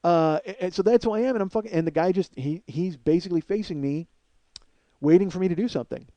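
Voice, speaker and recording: A middle-aged man hosting a comedy podcast, telling a story in a profane, excitable rant. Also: high-pitched, fast talker, no room sound, highs cut off.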